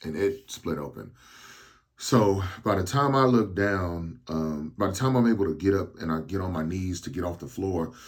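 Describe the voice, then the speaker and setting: A man in his thirties, hosting a podcast, tells a personal story slowly and haltingly because he is on medication, with frequent restarts. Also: low voice, expressive, husky. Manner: slow, halting delivery with restarts. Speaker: podcast host.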